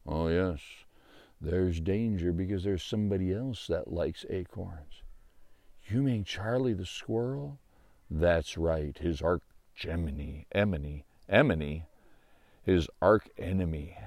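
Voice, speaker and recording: A patient, folksy lumberjack, voiced by a man who explains nature slowly and plainly. The voice is low and full of gravel. It is recorded close and dry, with no room sound. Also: darkish tone, no echo. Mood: hushed. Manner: slow, drawn-out explaining. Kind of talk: storytelling voice acting.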